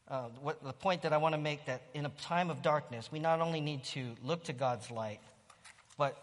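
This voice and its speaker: A pastor preaching a sermon, calling out loud bursts of praise between stretches of plain Bible teaching. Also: male voice, a little high, in a large hall. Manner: rises to loud exclamations of praise.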